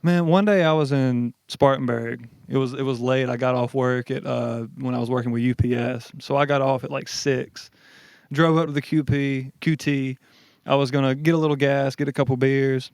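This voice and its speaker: A man co-hosting a podcast, telling a story in casual chat, animated and swearing freely. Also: medium pitch, moderate pace, gravelly, clean tone, dry recording, studio quality. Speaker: podcast co-host.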